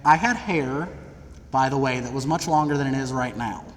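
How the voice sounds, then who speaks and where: A young man from Middle Tennessee telling funny stories about his own past to college students, in a lively, theatrical, self-deprecating way. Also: mid-range voice, normal speed. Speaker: speaker addressing college students. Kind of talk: humorous personal storytelling. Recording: long reverb of a large hall, faint background noise.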